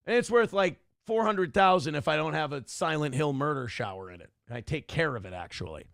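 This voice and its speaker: A man's voice: a little high, lively intonation, fairly quick, gravelly, a bit bright, dry recording. Man, middle-aged, blunt ranting streamer, dry close mic. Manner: blunt, ranting, swears freely. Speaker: streamer host reading chat. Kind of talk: casual livestream commentary.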